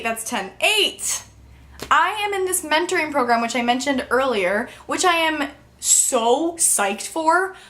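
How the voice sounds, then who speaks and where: A teenage girl chats straight to her camera in a relaxed vlog, her voice sitting a little high. She is bubbly and talkative, scattering filler words as she goes. At moments she sounds emotional and near tears. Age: teens. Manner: bubbly, chatty, full of "like" fillers. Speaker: vlogger. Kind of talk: casual vlog chat.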